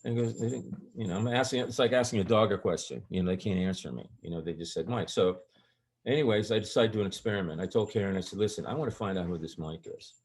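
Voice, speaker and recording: A man's voice: lowish voice, fast talker, darkish tone. An older man, a guest on an interview show, telling stories in a casual, rambling way. His voice jumps up when he acts out quoted lines. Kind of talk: casual storytelling.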